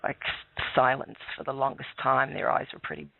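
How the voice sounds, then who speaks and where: An Australian man telling a long personal story calmly on a call-in radio show, with many restarts. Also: medium pitch, moderate pace, vocal fry. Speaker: guest telling his story. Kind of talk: casual radio call-in chat. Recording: tinny phone line, dry.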